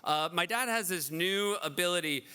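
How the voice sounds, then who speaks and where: A man in his forties hosting a benefit event, telling dry, self-deprecating stories in an animated stand-up style. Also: high-pitched, moderate pace, clear, resonant tone. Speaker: event host. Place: large event hall.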